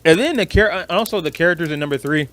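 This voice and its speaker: A man with a Detroit accent, co-hosting a podcast in casual chat, blunt and animated, swearing freely. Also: on the high side, fast talker. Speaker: podcast co-host.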